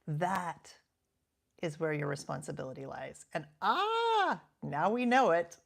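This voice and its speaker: A woman in her fifties, a coach talking reflectively and earnestly, sometimes sinking to a soft half-whisper for emphasis. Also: fairly low pitch, big pitch swings, measured pace, gravelly. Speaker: coach and podcast host. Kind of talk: reflective self-help talk.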